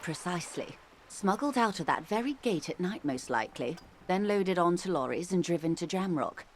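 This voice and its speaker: Cast a woman as a measured, persuasive corporate negotiator for a game. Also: lowish voice, animated, slight background noise, natural voice. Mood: calm, persuasive. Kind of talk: video game voice acting.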